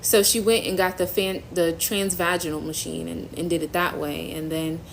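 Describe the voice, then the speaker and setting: A young woman hosting a faith-based phone live stream, giving an emotional personal testimony in a halting, earnest way, near tears. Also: lowish voice, level tone, gravelly, slight background noise, low-quality recording. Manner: halting, earnest, trailing off and restarting.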